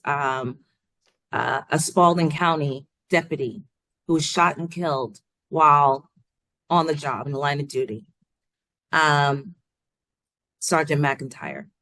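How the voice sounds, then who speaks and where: A woman TV news reporter and anchor answering interview questions in a measured way, with frequent filler sounds. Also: low-pitched, no echo.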